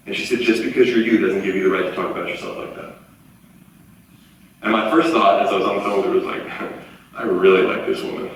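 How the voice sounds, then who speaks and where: A man in his forties giving a live motivational talk, telling stories in an animated way and acting out the voices of the people he quotes. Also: fairly low pitch, fast, slight background noise. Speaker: motivational speaker. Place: large auditorium. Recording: echoey hall from far off, faint ambience.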